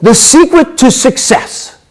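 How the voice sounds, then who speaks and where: A man imitating an excitable male Russian healer with a heavy Russian accent, shouting rapid-fire proclamations in a much higher voice. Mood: grandiose.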